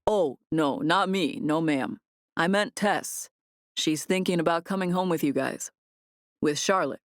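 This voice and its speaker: Easygoing young guy, light teasing, slightly low delivery, read by a woman narrator, in an audiobook. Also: a little slow, dry recording, studio quality. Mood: easy teasing.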